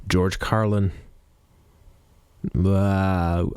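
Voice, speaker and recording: A Canadian man with a notably low voice talks through a casual, rambling podcast monologue. He sits at a studio mic, and his voice sounds dry and close with no room sound around it. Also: fairly even intonation, takes it slowly, darkish tone, no room sound. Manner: rambling, loose and chatty. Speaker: podcast host. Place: recording studio. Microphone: studio mic with headphones on.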